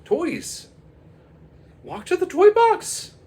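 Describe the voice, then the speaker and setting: A man voicing a boy who believes his toys obey him, speaking in a high, eager, wondering way. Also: wildly swooping pitch, slow, creaky, full character voice.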